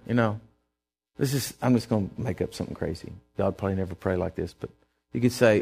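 A middle-aged male preacher giving a sermon, telling stories and swinging from quiet asides to loud, emphatic lines. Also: mid-range voice, lively intonation, a little fast, creaky, pauses often, breathy edge, soft background music.

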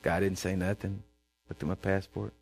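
A man from Texas with a Texan accent, telling a folksy, animated sermon story and often repeating himself as he goes. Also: low voice, moderate pace, gravelly, faint music behind.

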